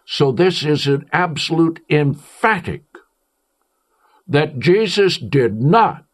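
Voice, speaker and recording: Emphatic male preacher, lively pitch. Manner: emphatic, declaiming with swings in pitch and pace. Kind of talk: sermon.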